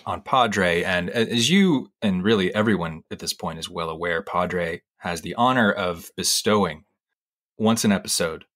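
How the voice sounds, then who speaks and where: A man's voice: low voice, fairly bright tone. A middle-aged man hosting a podcast in casual chat, telling stories and joking. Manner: chatty, storytelling, joking. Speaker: podcast host.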